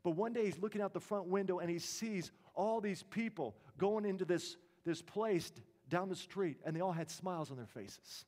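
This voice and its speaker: Man preaching a hushed, dramatic sermon story. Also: high-pitched, normal speed, hardly any pauses. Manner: dramatic storytelling, dropping to a hush at emotional peaks.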